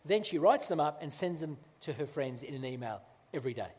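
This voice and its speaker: A man preaches a sermon in a church, his slightly raised voice carrying a long hall reverb. He talks conversationally, stumbling and restarting, then slows down to lean on key phrases. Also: on the high side, lively intonation, a little mellow, breathy edge. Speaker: pastor.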